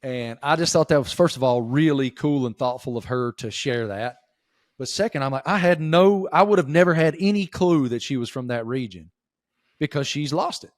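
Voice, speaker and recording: A man's voice: mid-range voice, lively intonation, normal speed, no echo, clean studio sound. A man with a Southern Appalachian accent, from rural Virginia, talking as an interview guest in an emphatic, folksy way. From Giles County, Virginia. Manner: emphatic, folksy, calls host "bro" and "dude". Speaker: sports reporter, guest. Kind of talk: casual interview chat.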